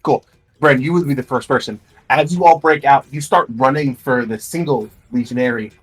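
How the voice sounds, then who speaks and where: A man's voice: medium pitch, breathy edge, rough recording. A man narrating as game master for a tabletop role-playing game, describing scenes loosely with many fillers.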